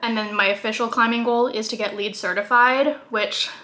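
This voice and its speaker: A young woman with a bright, fairly high voice talks casually to the camera at home. She chats loosely, full of "like" fillers, eating as she goes. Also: steady tone, moderate pace. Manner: chatty, many "like" fillers, laughs while talking; talking while eating. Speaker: vlogger. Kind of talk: casual vlog talk to camera.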